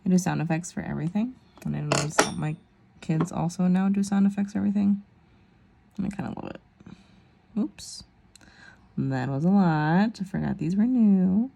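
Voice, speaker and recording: Gravelly low-voiced woman vlogger. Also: moderate pace, pauses often, warm tone. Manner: chatty, rambling, self-deprecating asides. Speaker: nail vlogger. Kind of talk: casual tutorial chat.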